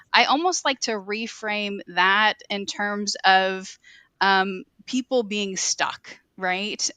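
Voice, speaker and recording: Bright smooth-voiced woman answering, earnest, lots of ums. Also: mid-range voice, no room sound. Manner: earnest, many ums and "you know". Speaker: guest, publishing CEO. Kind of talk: interview answer.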